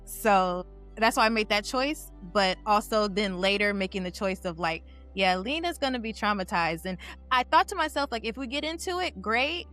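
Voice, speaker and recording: A woman's voice: medium pitch, animated, moderate pace, fairly bright tone, soft background music. A young adult woman talking candidly and casually as a panelist on a game aftershow, with plenty of "like" fillers. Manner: candid and chatty, heavy use of "like". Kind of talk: casual chat.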